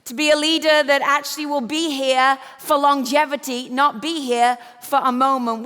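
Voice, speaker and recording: A woman's voice: high voice, a bit bright. A woman from England with an English accent, giving a motivational leadership talk and teasing the audience playfully. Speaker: keynote speaker. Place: large event hall. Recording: reverberant hall.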